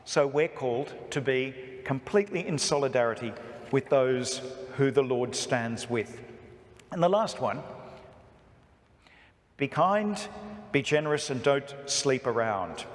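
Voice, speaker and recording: A priest from Australia giving an emphatic talk to a parish, with humor and stories woven in. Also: male voice, mid-range voice, moderate pace. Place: church. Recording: echoey church hall reverb.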